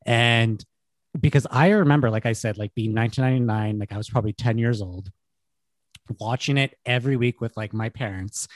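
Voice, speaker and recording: A man's voice: mid-range voice, fairly quick, no room sound. Guy in his 30s chatting on a podcast, says like a lot, dry close mic. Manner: chatty, filler-heavy, enthusiastic. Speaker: podcast co-host. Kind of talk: casual chat.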